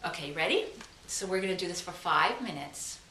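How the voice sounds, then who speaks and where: A woman with a Long Island accent teaching a guided meditation lesson, talking with enthusiasm and slowing into drawn-out chants. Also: fairly low pitch, lively intonation, pushed and bright, far from the mic. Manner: enthusiastic, chants slowly at times. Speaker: psychic teacher. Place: room at home. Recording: echoey room with faint hiss.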